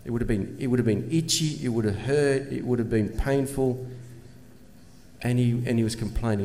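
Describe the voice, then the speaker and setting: A man's voice: mid-range voice, normal speed, mellow. A man preaching a sermon in an earnest manner, asking rhetorical questions and pressing his points with emphasis. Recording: long reverb, faint ambient noise.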